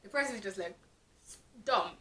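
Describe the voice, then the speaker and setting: A woman's voice: mid-range voice, animated, moderate pace, sharp tone. A woman from Jamaica with a Jamaican accent, giving a frank, exasperated casual book review with lots of fillers. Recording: echoey room.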